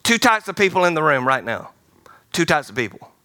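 A male pastor preaching with a bright, forceful voice that sits a little high. He is animated and playful, slipping into quoted voices and laughing as he goes. The sound is close and dry. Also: brisk, no room sound. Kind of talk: sermon. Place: large theater-style church hall.

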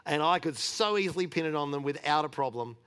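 A man's voice: a little high, lively intonation, quick pace, fairly bright tone, smooth. A middle-aged man preaching in a chatty, candid way, telling personal stories with light laughs and restarts. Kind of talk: conversational sermon storytelling.

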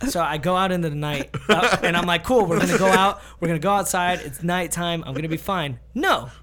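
A young man telling a long story in casual, profane podcast chat, animated and slipping into quoted voices. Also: high voice, fairly quick. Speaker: podcast host.

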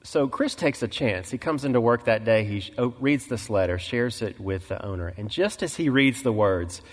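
A male pastor preaching a sermon, telling a story and acting out the quoted voices, clearing his throat often. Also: mid-range voice, expressive, moderate pace, long reverb tail. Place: church sanctuary.

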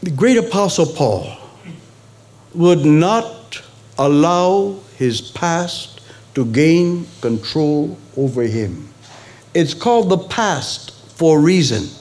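A male pastor preaching a sermon, with sudden high emphatic peaks and conversational asides to the congregation. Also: darkish tone.

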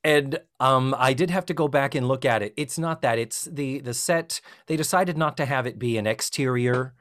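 A man's voice: mid-range voice, moderate pace, fairly bright tone. Chatty middle-aged man from Massachusetts. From South Shore of Massachusetts. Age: 50s. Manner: chatty, joking, reading from notes. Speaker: podcast co-host. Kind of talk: casual chat.

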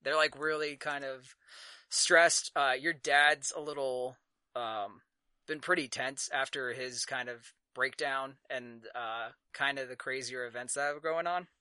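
Bright, halting male game master. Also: medium pitch, steady tone, clear, resonant tone, no echo. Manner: halting, many fillers, laughs easily. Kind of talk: narrating a tabletop game.

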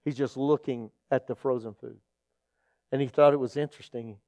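A man's voice: medium pitch, steady tone, normal speed, a little mellow, dry recording. A man preaching as a pastor, telling stories earnestly and acting out the people in them. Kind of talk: sermon with personal storytelling.

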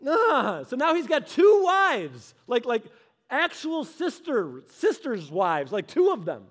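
A male preacher with a high voice delivers a sermon, and his delivery is casual and humorous. He retells the story by slipping into quick voices for each character. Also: huge pitch swings, fairly bright tone. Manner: humorous and conversational. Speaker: pastor.

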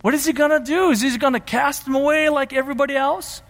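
A man's voice: extremely high pitch, steady tone, quick pace, a bit bright, long reverb tail. A man preaching a sermon as pastor, emphatic and repeating his key phrases.

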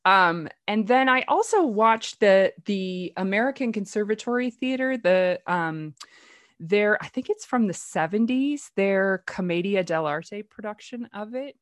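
A woman hosting a play-reading group, chatty and rambling with lots of fillers. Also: mid-range voice. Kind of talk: casual talk.

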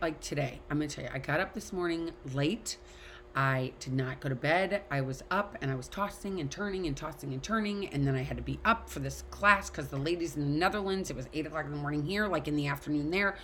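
A middle-aged woman with a low voice, teaching an online class in a candid, chatty way. She swears freely and says what she thinks. A faint hiss of background noise sits under her voice. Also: brisk, a bit bright. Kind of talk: casual talk to an online class. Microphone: video call.

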